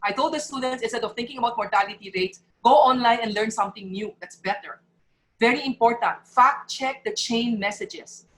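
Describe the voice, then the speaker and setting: A woman's voice: a little high, brisk, rough recording. Earnest woman giving a heartfelt talk. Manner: earnest and emotional, voice breaking at times. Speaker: speaker at a parents' forum. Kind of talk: emotional public talk.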